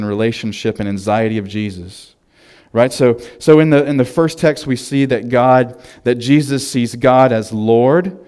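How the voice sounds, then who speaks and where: A pastor preaching a sermon in a church, telling a story with lots of fillers before turning to prayer. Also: male voice, mid-range voice. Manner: casual storytelling with fillers, animated retelling.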